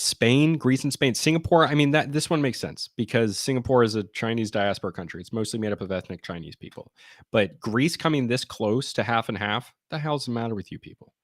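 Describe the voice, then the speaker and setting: An American man with a medium-pitched voice gives blunt, sarcastic, rambling commentary on survey charts during a casual live stream. The recording is studio quality, with no room sound.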